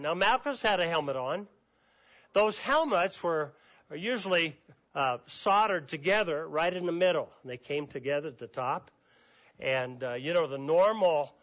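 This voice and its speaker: A male pastor preaches an Easter sermon in a folksy, storytelling manner and reads scripture aloud between his remarks. His voice sits high for a man. The recording sounds dull and lo-fi. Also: a bit bright.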